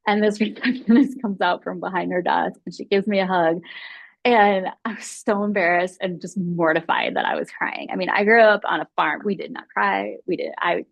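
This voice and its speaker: A woman's voice: fairly low pitch, steady tone, moderate pace, vocal fry, no echo, dull audio. A woman speaking as a guest mindfulness teacher, telling her own story openly and confessionally. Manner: open and confessional, acts out her own past thoughts. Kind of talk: candid personal storytelling.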